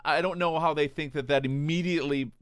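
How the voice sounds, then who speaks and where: A man's voice: a little high, fairly even intonation, brisk, clear, resonant tone, no echo. A man co-hosting an entertainment podcast in casual chat, with a laid-back manner with dry teasing asides. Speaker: podcast co-host.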